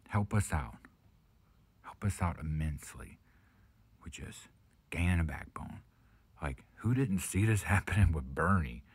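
A man ranting to camera in a heated, profane vlog, often dropping into a hushed half-whisper. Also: deep voice, gravelly, husky, no echo. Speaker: vlogger. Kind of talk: casual profane rant to camera.

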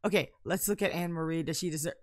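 A young woman commenting casually on her life-simulation game, playful and giggly, with sudden loud bursts of excitement. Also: low-pitched, quick pace, dry recording. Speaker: gameplay commentator. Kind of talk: casual let's-play commentary.

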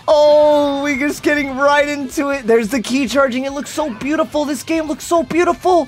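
A YouTube gaming host reacting live to a game trailer, gasping and repeating excited exclamations nonstop. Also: sits high, normal speed, faint music behind.

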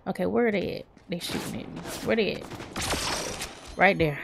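A woman hosting her gaming channel, giving excitable live commentary as she plays, exclaiming and talking to the game in casual, Southern-flavored speech. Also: on the low side, a little slow, creaky, very noisy. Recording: game music playing loudly behind.

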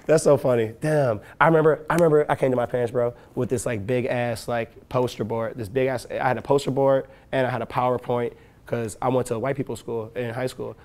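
Late-20s man, quick delivery, casual interview talk with lots of "like" and laughs. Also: mid-range voice, gravelly, darkish tone. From west side of Chicago. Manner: loose, profane, laughing often, full of "like" and "you know". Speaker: rapper and producer, interview guest.

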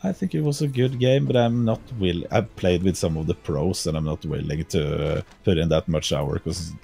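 Low, gravelly Norwegian man. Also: normal speed, mellow. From Norway. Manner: hesitant, searching for words, plain-spoken. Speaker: guest streamer. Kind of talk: casual chat on a call.

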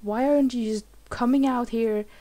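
A woman's voice: a little high, fairly even intonation, normal speed, dark tone. A woman hosting a let's play, giving emotional game commentary with swearing and lots of restarts.

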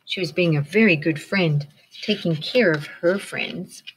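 A woman's voice: lowish voice, measured pace, slight background noise. A woman teacher reading a picture book aloud to children, encouraging them and asking them questions. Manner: encouraging, asks the listeners questions.

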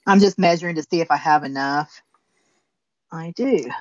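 A woman's voice: low-pitched, normal speed, no echo, lo-fi sound. Southern-accented woman demonstrating crafts. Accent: Southern Indiana. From southern Indiana. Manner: chatty, folksy, explains step by step. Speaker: guest crafter demonstrating finishing. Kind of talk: casual demonstration chat.

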